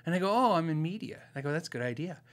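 A man's voice: on the high side, animated, rapid-fire. A man hosting a podcast, telling a story in a chatty, self-deprecating way and acting out the other people in it. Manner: chatty, self-deprecating, acts out quoted voices. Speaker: podcast host. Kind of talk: casual storytelling.

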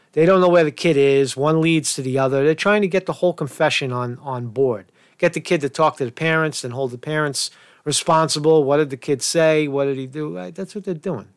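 A man's voice: on the high side, no echo, clean studio sound. A man hosting a news commentary show, reading reports and arguing with rhetorical questions in a rambling manner.

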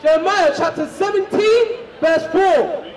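A woman reading scripture aloud for a street preacher, in a steady, declaiming way. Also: very high voice, a little slow, noisy background. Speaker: scripture reader. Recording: echoey, from far off, crowd behind.

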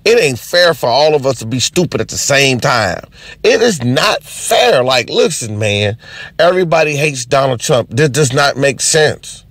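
A man's voice: mid-range voice, a little slow, dry recording. A man doing an unscripted, profane comedy rant as a stand-up comedian. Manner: profane, animated, ranting.

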